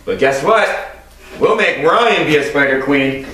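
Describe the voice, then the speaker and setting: A man co-hosting a casual vlog, animated and laughing as he tells stories. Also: on the high side, unhurried, faint music behind. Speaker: co-host. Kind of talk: casual chat. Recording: echoey room, some noise.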